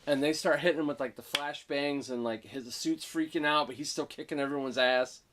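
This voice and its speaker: A man co-hosting a casual movie review, eagerly retelling scenes and acting out the characters' lines. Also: fairly high pitch. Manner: excited retelling, acting out lines with quick voice switches.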